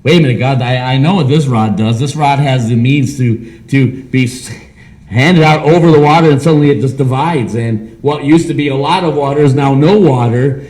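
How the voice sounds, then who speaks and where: A small-church pastor with a Midwestern American accent preaches a sermon, animatedly acting out imagined conversations. His voice is medium-pitched and his speed is normal.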